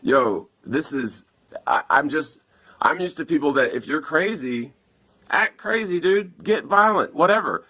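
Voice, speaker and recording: A man's voice: fairly high pitch, animated, measured pace, sharp tone. Rambling, profane man vlogging on a phone. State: upset after an attack. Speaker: vlogger asking viewers for help. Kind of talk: casual to-camera vlog. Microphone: phone camera.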